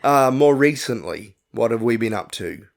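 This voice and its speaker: A man's voice: medium pitch, animated, normal speed, creaky. Man in his thirties, co-host, loose and jokey, rambles. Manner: joking, rambling, self-deprecating. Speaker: podcast co-host. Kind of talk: casual chat.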